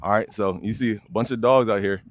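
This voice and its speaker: A man's voice: on the low side, brisk, noisy background. A young man, a dog trainer, explaining leash work casually outdoors and addressing viewers as y'all. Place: outdoors by a fence near many dogs.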